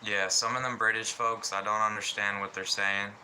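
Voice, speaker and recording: A man from Alabama with a Southern US accent, rambling slowly through a casual livestream chat with lots of fillers. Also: fairly low pitch, flat delivery, pushed and bright, slight background noise, rough recording.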